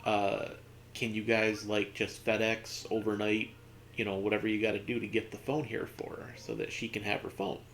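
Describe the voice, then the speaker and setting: A male gaming streamer tells a casual, rambling anecdote full of fillers while he plays. His voice is lowish and a bit bright, with little pitch movement and a moderate pace, over slight background noise.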